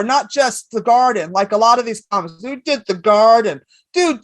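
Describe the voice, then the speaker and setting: Profane, animated woman comedian telling stories. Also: fairly high pitch, dry recording. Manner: animated, profane, rambling storyteller. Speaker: stand-up comedian guest. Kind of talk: casual podcast storytelling.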